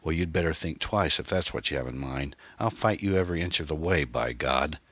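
A man's voice: a bass voice, animated, a little fast, fairly bright tone, husky, exaggerated voice. A man voicing a guilt-ridden divorced man, earnest and defensive as he pleads over the phone.

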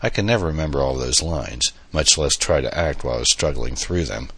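Man doing a weary young woman, polite and guarded, raised voice over a deep husky base, dry audiobook sound. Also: lively intonation, brisk, a bit bright, dry recording, heavily acted. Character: tired young woman photographer, reserved. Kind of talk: audiobook character voice.

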